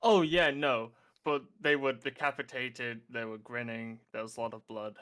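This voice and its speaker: A man playing a tabletop game, recapping events with pauses and fillers. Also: medium pitch, fairly even intonation, a bit bright. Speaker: player. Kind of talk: casual game chat.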